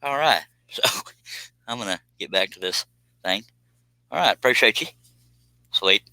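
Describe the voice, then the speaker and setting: A man's voice: lowish voice, expressive, a little slow, bright, forceful tone, no room sound, poor audio. A man chatting casually on a live stream, reading viewer comments and joking around with a rambling, laugh-prone manner. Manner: joking, rambling, laughs at his own jokes.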